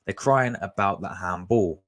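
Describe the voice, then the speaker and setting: A young man, chatting casually and excitedly on a fan live stream, full of slang and repeated words. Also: deep voice, measured pace, dry recording.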